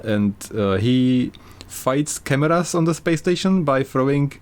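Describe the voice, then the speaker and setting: A man co-hosting a podcast in casual chat, retelling a story with animated, sarcastic energy and frequent laughs. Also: medium pitch, unhurried, clear, resonant tone. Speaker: podcast co-host.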